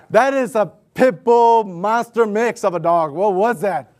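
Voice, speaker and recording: A middle-aged man preaching a sermon, telling stories and acting out dialogue in an animated way. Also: sits high, slow pace, pauses often. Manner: animated, storytelling, acts out dialogue. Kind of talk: sermon with personal story.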